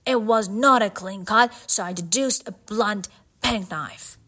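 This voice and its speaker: A woman reading as Sherlock Holmes, calm and methodical. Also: medium pitch. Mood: explaining. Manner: measured, explanatory deduction. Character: shrewd male detective, calm and methodical.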